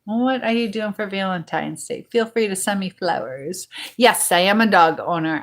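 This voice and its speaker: A woman hosting a casual livestream from home, chatting in a rambling way and reading viewer comments out loud. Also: medium pitch, animated, normal speed. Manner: chatty and rambling, full of fillers. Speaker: livestream host.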